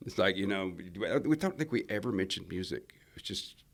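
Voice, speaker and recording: A low, gravelly man chats loosely in an interview. He rambles through his stories, restarting sentences and leaning on fillers as he goes. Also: animated, fairly quick. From Alabama, USA. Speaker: country singer, guest. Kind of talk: casual interview chat.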